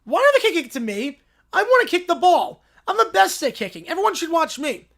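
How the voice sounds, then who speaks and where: A man's voice: extremely high pitch, sing-song, brisk, creaky, a bit bright, pitched above the performer's own voice, full character voice. A man putting on a bratty little princess. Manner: whiny, demanding, bratty. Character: bossy spoiled little girl princess.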